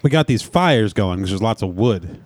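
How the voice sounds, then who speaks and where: A man's voice: on the low side, lively intonation, moderate pace, a little mellow, no echo. Male podcast host, rambling storyteller, dry close sound. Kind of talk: casual chat.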